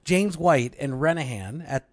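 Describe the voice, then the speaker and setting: A man's voice: a little high, lively intonation, unhurried, no echo, studio quality. A man co-hosting a casual theology podcast, playful and joking, easily sidetracked. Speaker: podcast co-host.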